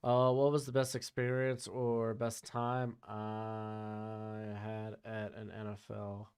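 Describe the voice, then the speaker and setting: A man's voice: fairly low pitch, completely flat delivery, slow, darkish tone, clean tone. A man streaming casually, reading viewer questions and commenting on draft picks. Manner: chatty, reads chat questions aloud.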